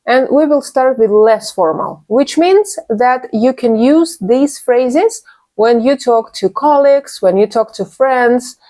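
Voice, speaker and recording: A woman teaching a business English lesson to learners, speaking clearly and patiently and repeating each model phrase. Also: a little high, slow pace, dark tone.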